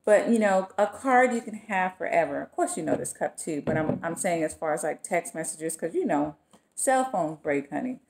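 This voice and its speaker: A woman, chatting in a casual vlog and gushing her thanks warmly. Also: lowish voice. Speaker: vlogger.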